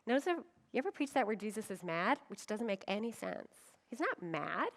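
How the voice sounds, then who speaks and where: A woman's voice: medium pitch, very animated, normal speed. A middle-aged woman pastor giving a conference sermon, telling stories with humor and acting out quoted voices. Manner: humorous, with frequent laughs.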